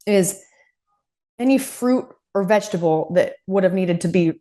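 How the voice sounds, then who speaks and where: A woman co-hosting a podcast in a casual chat, calmly passing on practical things she has read. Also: mid-range voice, moderate pace. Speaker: podcast co-host.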